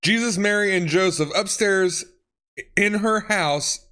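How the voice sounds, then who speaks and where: A man's voice: high voice, unhurried, bright, forceful tone, smooth. A man reading funny text messages aloud and reacting, laughing often and swearing. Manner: laughs often, reads lines with swearing and exclamations. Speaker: YouTuber reading autocorrect fails.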